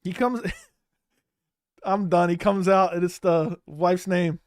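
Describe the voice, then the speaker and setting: A young man hosting a live fight watch-along, talking casually and animatedly, swearing, repeating himself and breaking into loud outbursts. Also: sits high, steady tone, slow, clean tone, no room sound, clean studio sound. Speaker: host reacting to a live fight.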